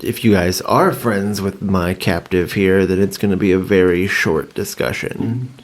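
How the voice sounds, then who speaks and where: Slow-talking man playing a game character. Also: deep voice. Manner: slow and deliberate, halting. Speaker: player.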